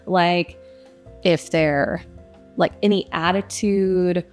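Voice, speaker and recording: A woman's voice: fairly low pitch, fairly even intonation, slow, faint music behind. A young woman who narrates audiobooks, answering interview questions in a casual, reflective way with frequent fillers.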